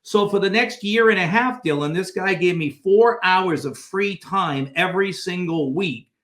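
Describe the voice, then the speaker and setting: A man with a fairly high voice spins an animated story as a podcast guest and slips into different voices for the people he quotes. The sound rings in a roomy, echoey space. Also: normal speed. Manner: acts out quoted dialogue in changing voices. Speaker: guest author.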